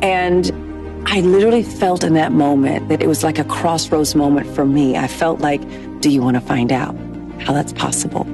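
Woman, interviewee, earnest reflective testimony, soft music underneath. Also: low voice, moderate pace. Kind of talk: emotional personal testimony.

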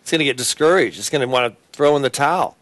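A man hosting a Christian talk show and preaching, speaking in a halting way with many fillers and restarts. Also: mid-range voice, fairly bright tone, no room sound.

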